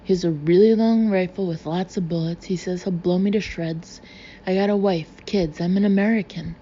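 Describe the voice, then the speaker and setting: A woman's voice: lowish voice, fairly even intonation, moderate pace, dark tone, lightly acted. A woman voicing a man who fakes terror as a hostage, wailing, pleading and jabbering in short breathless bursts. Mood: panicked jabbering. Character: terrified middle-aged man faking hostage panic. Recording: slightly dull recording with faint hiss.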